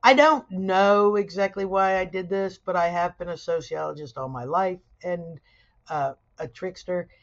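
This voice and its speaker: A woman's voice: lowish voice, a little slow. Middle-aged woman lecturing, dull lo-fi sound. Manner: conversational, tells stories with lively asides. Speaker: sociology instructor. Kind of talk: video lecture with personal storytelling.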